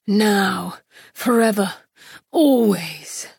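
A woman reading an audiobook and voicing an ardent, intense male lover, low and urgent. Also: very slow, gravelly, a little mellow, slightly rough, no echo, clean studio sound, heavily acted. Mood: intimate.

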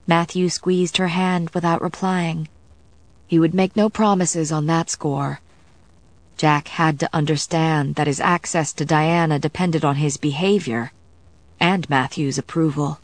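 A woman narrates a novel with a low-pitched voice, in measured and even tones. The recording is dry and close, with no room sound. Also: dry recording. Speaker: audiobook narrator. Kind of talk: scripted narration.

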